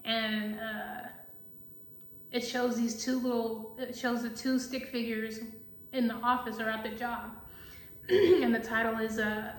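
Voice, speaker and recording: A woman giving a blunt, profane, animated monologue as a tarot reader, talking casually. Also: on the high side, takes it slowly. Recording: echoey room with faint noise.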